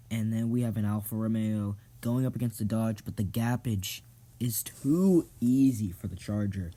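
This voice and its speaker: A man's voice: on the low side, normal speed, mellow. A young man giving playful, slangy commentary on toy car races as a channel host, now and then swinging into a hyped announcer voice.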